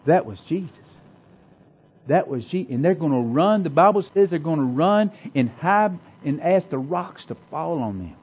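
A man preaching a sermon with passion, repeating phrases and swinging between loud declarations and hushed asides. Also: on the high side, breathy edge, muffled recording.

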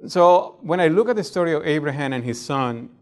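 A man's voice: on the high side, animated, fairly quick, a little mellow. A middle-aged man with a non-native English accent, preaching a sermon in a conversational way and often checking in with "right?". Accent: non-native English speaker. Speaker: pastor.

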